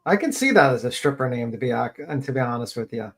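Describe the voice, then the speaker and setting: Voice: mid-range voice, animated, quick pace. Rambling joking stream co-host. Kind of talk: casual livestream chat.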